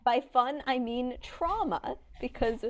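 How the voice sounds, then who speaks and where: A woman's voice: sits high, slow pace. A young woman in her twenties chatting as a co-host, her voice bouncing up and down as she rambles and restarts. She talks over a faint hiss of background noise. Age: 20s. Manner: animated, rambling, many restarts and laughs. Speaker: podcast co-host. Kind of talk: casual chat.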